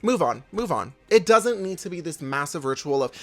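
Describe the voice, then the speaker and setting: Male manifestation coach with a raised voice, gravelly and rapid, who is emphatic, blunt and swears casually, recorded dry. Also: on the high side, very animated, no room sound, faint music behind. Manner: calls the listener "babes". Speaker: manifestation coach, channel host. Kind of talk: casual motivational talk to camera.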